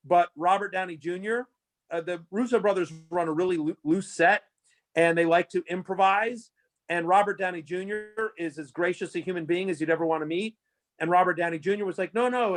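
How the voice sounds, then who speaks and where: A man guest in a casual interview, telling stories with many fillers and restarts. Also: high-pitched. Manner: rambling, lots of fillers and restarts, animated retelling. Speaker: fantasy sports analyst guest.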